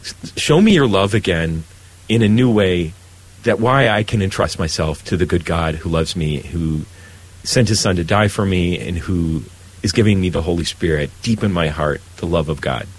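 A man who is a Catholic priest, talking earnestly about faith and trust in God, often pausing and restarting his sentences. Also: deep voice, poor audio. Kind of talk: faith conversation.

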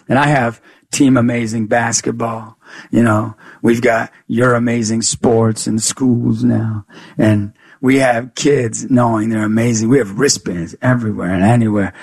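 A man being interviewed as a guest, telling a story in an animated way and acting out the dialogue. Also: medium pitch. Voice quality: gravelly, husky. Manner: animated storyteller who acts out dialogue, much "you know" and "I go". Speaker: guest, youth speaker.

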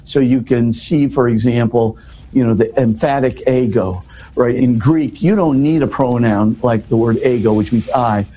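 A man's voice: medium pitch, normal speed, warm tone, a little hiss or hum, low-quality recording. A man explaining a scripture passage in a scholarly but casual way, with frequent restarts and "you know". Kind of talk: conversational explanation.

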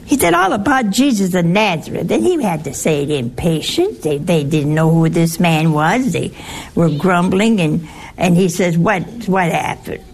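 A woman's voice: lowish voice, lively intonation, normal speed, darkish tone. A woman teaching a Bible study to a group in a chatty, teasing way, asking her listeners questions. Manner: chatty, asks the audience questions, teasing humor. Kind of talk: informal scripture talk to a group.

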